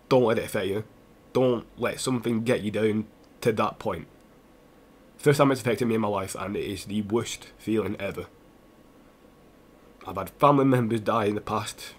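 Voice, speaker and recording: A young man, a gaming streamer, talking earnestly and haltingly to his viewers while close to tears. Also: fairly low pitch, husky. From England. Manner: earnest, halting, with restarts and repeated phrases. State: tearful, close to crying. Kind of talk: emotional personal address to stream viewers.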